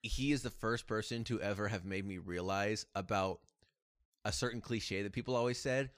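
A man's voice: fairly low pitch, moderate pace, clear, resonant tone, dry recording, studio quality. A young man in casual chat who laughs along and jumps in to finish his friend's stories. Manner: laughs along, chimes in and finishes the other's lines.

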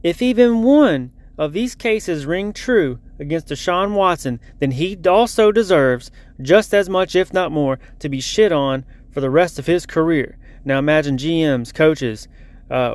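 A man giving a casual lunch-break sports update in a blunt, heated, profane rant. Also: fairly high pitch.

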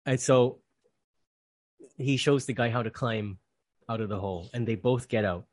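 A man who works as a mindfulness coach, speaking as a podcast guest and telling a story with animated delivery. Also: on the low side, a little fast, no echo. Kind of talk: casual interview conversation.

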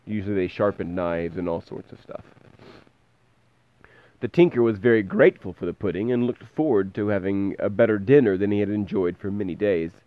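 A man reading a fairy tale aloud in a lively way, pausing to explain words. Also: fairly low pitch, no echo, phone-quality sound. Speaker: storyteller.

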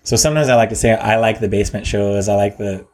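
A man with a somewhat low voice chats loosely about music, drifting between thoughts. He stalls, restarts, and leans on fillers as he tells his story. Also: fairly even intonation. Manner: rambling, halting, lots of "like" and restarts. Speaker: musician guest. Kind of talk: casual chat.

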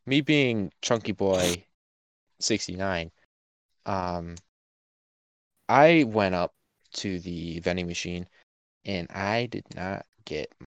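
Young male podcast co-host, expressive storyteller, dry close mic. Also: fairly low pitch, clear, resonant tone, no echo, muffled recording. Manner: animated, laughing, swings loud and quiet. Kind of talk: casual storytelling chat.

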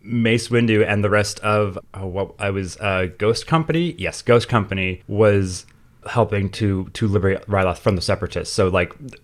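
A man's voice: lowish voice, moderate pace. A man co-hosting a podcast, talking eagerly and rambling with many restarts. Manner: rambling, full of fillers and restarts, enthusiastic. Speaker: podcast co-host. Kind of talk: casual chat.

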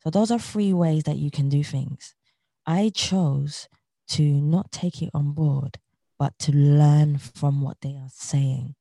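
Dark, gravelly woman giving earnest advice. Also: sits low, takes it slowly, no room sound. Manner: earnest, motivational, repeats key phrases. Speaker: interview guest. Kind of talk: reflective interview talk.

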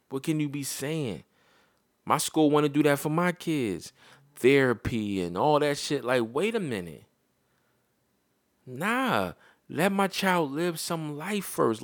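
A man's voice: medium pitch, no room sound, clean studio sound. A man and parent giving a blunt, heated, profane opinion monologue to his viewers.

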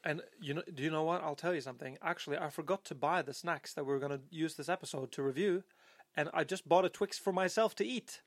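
A man's voice: fairly high pitch, fast talker, dry recording, clean studio sound. A man hosting a podcast, chatting casually in a playful, teasing way. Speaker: podcast host.

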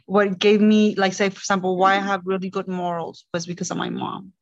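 A woman's voice: medium pitch, level tone, brisk, dry recording. Woman, coaching client, hesitant, rambling, fillers, muffled lo-fi audio. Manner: rambling, hesitant, many "like" and "you know". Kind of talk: personal interview.

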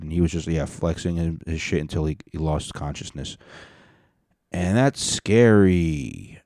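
A man with a very low, dark voice gives casual, sardonic commentary on videos he is watching. His talk is profane and mocking, recorded dry and close. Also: a little slow, no room sound.

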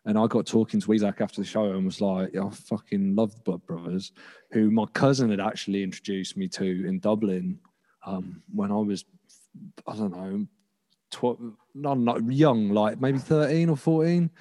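A man's voice: on the low side, fairly even intonation, moderate pace, dark tone. A young man, chatting casually on a podcast about music, rambling with restarts and casual swearing. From England. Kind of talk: casual chat.

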